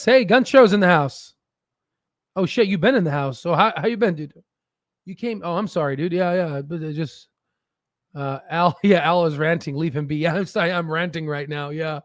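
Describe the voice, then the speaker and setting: Excitable male stream host, high-pitched, dry close sound, profane and mocking. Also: moderate pace, no echo. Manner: excitable, swears, mocks in shrill put-on voices. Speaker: stock market livestream host. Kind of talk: casual livestream rant.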